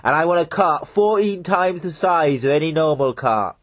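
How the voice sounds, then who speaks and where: A man voicing a huge, burly giant of a man who speaks calmly and politely as he makes demands. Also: a little high, moderate pace, close to an everyday voice. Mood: demanding.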